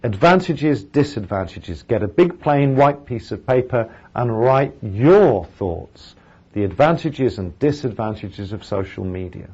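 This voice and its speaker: A man's voice: mid-range voice, animated, unhurried, darkish tone, breathy edge, dull audio. A male English teacher gives a recorded lecture over slides, explaining each step and then modelling sample sentences aloud.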